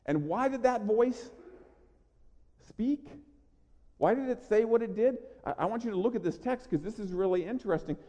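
A man preaching a sermon, earnest and emphatic, slowing on key lines and repeating words as he starts. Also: sits high, lively intonation, warm tone, highs cut off. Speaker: pastor. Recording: long reverb of a large hall.

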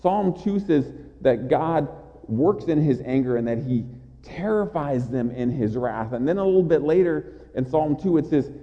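Impassioned preacher in a reverberant hall. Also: male voice, on the high side, expressive, moderate pace. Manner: impassioned, with repeated stammered restarts. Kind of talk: sermon. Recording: dull sound in a large reverberant hall.

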